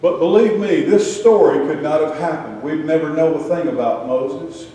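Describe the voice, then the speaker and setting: An older man preaches in a folksy, joking storytelling way, his voice a bit high but dark and mellow. He sounds distant from the mic, with a long, booming echo of a big hall around him. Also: normal speed. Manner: storytelling with humorous asides. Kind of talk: folksy sermon with slides.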